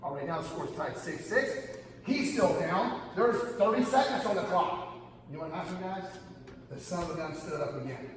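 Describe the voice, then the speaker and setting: A man's voice: high voice, animated, moderate pace. A middle-aged man coaching wrestling at a camp, telling a story animatedly, often calling his listeners "guys" and raising his voice for emphasis. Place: large gym hall. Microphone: camera far from speaker. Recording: echoey gym, distant camera, audible room noise.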